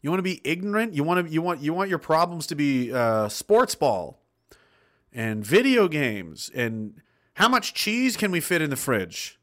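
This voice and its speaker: A man hosting a casual livestream, reading viewer messages aloud and ranting, loud at times and mumbling at others. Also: on the high side, big pitch swings, a little slow.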